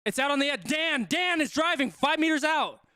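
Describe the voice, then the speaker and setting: A man hosting a live watch-along stream, giving excitable sports commentary and repeating his exclamations. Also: very high voice, normal speed, dry recording, clean studio sound.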